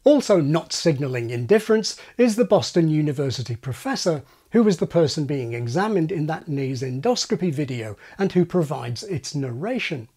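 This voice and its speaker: A fairly high, husky male voice that moves lively up and down. He explains things with dry, wry asides, like an educational video host. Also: moderate pace, few pauses. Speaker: channel host explaining speech.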